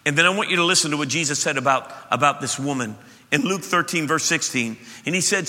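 A middle-aged male pastor preaching an impassioned, emphatic sermon that swings between loud and soft in a church sanctuary. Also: fairly high pitch, fast talker. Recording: reverberant church hall.

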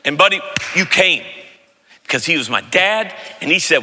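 A man in his fifties preaching a sermon as pastor, telling stories with animated, loud impressions of family voices. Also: a little high, normal speed. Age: 50s. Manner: animated storytelling, mimics voices loudly. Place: large church sanctuary. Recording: long hall reverb.

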